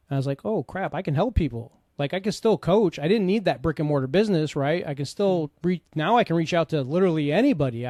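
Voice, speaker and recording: A man's voice: on the high side, a little mellow, no echo, clean studio sound. A middle-aged man, a podcast host and coach, telling his personal story in an earnest, conversational way with frequent asides.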